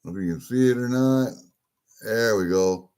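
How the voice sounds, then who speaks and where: His lowish voice is clear and resonant, a little mellow, and he speaks at a measured pace. The coin-collecting vlogger casually talks through a just-opened package of coins, chatty and easily delighted, muttering to himself along the way.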